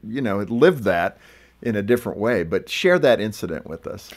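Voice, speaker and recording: A middle-aged man hosting a talk show, relaxed and casual, chuckling now and then as he interviews a guest. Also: fairly low pitch, moderate pace. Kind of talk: conversational interview.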